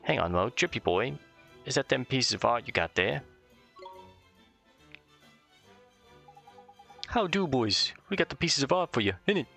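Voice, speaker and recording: A man's voice: medium pitch, animated, fairly quick, gravelly, pushed and bright, soft background music, pitched above the performer's own voice, exaggerated voice. A man voicing a cheerful male fairy sidekick with a Welsh accent, chirpy and full of slang. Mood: excited.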